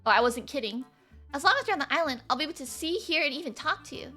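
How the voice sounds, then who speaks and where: A woman puts on a bubbly, flirty guide for a dating game, high-pitched and bright. She teases and winks her way through every line, bouncing all over her range. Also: animated, fast, soft background music. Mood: teasing. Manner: playful, teasing. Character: perky female show guide, teasing and flirty.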